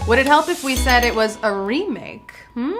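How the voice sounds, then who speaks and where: A woman's voice: on the high side, animated, normal speed, music in the background. A young woman hosting a live trivia game show, bubbly and full of playful puns. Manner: bubbly, punny, playful banter.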